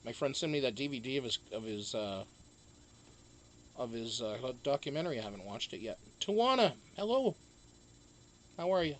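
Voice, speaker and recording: A man's voice: mid-range voice, big pitch swings, moderate pace, long pauses, slight background noise. A man hosting a casual live stream, chatting loosely, greeting viewers one by one and swearing freely.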